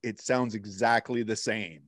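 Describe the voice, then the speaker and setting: A man's voice: fairly low pitch, steady tone, a little slow, fairly bright tone, no room sound. Dry-witted male podcast co-host. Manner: dry teasing humor. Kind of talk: casual chat.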